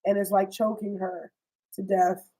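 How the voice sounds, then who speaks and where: A young woman casually recapping a TV series, animated and slangy, swearing freely and acting out the characters' lines. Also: medium pitch, unhurried, poor audio. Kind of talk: casual storytime chat.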